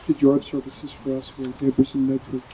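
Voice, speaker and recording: A man from New York with a New York accent, speaking at a neighbor's funeral, halting and lightly joking. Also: medium pitch, monotone, warm tone, slight background noise, low-quality recording. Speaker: neighbor giving a eulogy.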